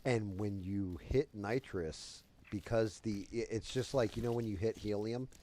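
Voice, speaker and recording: A man telling a crude story on his live stream in a rambling, animated way. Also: on the low side, unhurried, slight background noise.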